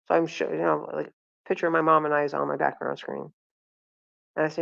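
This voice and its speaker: Gravelly low-voiced woman telling stories. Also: little pitch movement, moderate pace, long pauses, a bit bright, dry recording, dull audio. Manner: rambling, self-correcting, acts out quotes. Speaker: vlogger. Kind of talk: casual storytelling.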